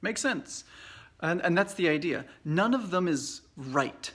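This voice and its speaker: A man in his forties with an American accent, giving an informal English lesson in a relaxed, chatty way full of fillers and restarts. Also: sits high, unhurried, breathy edge. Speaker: English teacher. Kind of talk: casual video lesson. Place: away from home at a conference trip. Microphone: Facebook Live video.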